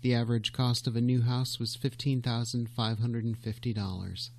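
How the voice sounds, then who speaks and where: Male narrator, scripted documentary read, measured and even, mid pitch.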